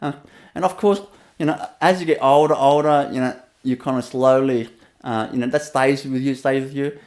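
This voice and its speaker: A man's voice: mid-range voice, fairly even intonation, moderate pace, darkish tone. A man with a Vietnamese accent gives a rambling, storytelling webinar talk as a spiritual teacher, laughing often and leaning on fillers.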